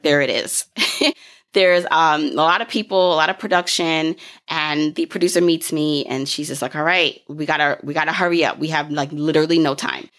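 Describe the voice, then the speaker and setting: A woman's voice: deep voice, fairly bright tone. A young woman telling a personal story in a casual, chatty way, with frequent fillers, restarts and light laughs. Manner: chatty, fast-paced, fillers and self-corrections, laughs often.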